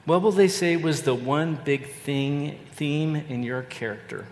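An older man preaching a sermon as a pastor, earnest and measured, repeating phrases for emphasis. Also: on the high side, darkish tone, a little hiss or hum. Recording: echoey hall with long reverb and faint ambience.

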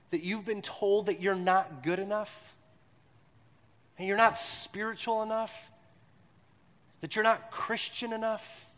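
A man in his forties preaches a gentle devotional sermon, his slightly raised voice carrying a long tail of reverb as if in a big hall. He repeats phrases slowly and lets them sink into near-hushed tones. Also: sits high, steady tone. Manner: slow, repetitive and soothing, dropping to a hush on repeated words. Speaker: pastor.

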